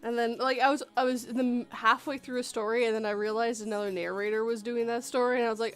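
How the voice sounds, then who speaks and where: A woman's voice: fairly high pitch, steady tone, quick pace, hardly any pauses, clean tone. A woman hosting a casual chat stream, self-mocking and laughing often. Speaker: stream host.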